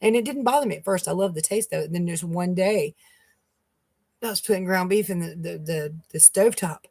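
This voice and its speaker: A middle-aged keto vlogger from North Carolina chats casually with her live-stream viewers, rambling and laughing often. Her voice sits on the low side, a bit fast, gravelly yet mellow.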